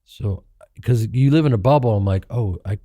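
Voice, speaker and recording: A man's voice: lowish voice, moderate pace, mellow, dry recording, studio quality. A middle-aged man from Chicago, a guest actor telling candid stories in an interview, acting out the people he quotes in raised, profane voices. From Chicago, United States.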